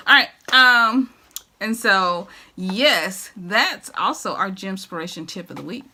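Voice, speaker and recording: A woman's voice: medium pitch, lively intonation, slow, sharp tone. A middle-aged woman, chatting to camera in a home decor vlog, gushing and laughing often. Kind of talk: casual chat to camera.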